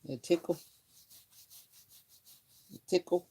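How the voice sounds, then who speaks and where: A woman's voice: takes it slowly, dark tone. A woman hosting a casual livestream, rambling and chatty as she grooms her dog. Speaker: livestream host. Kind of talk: casual chat.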